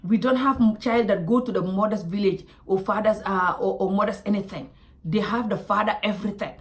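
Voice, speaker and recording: A woman voicing a loud, insistent man on a first date who lectures and repeats himself. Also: mid-range voice, a little fast, close to an everyday voice. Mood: lecturing. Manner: emphatic, scolding, repeats himself.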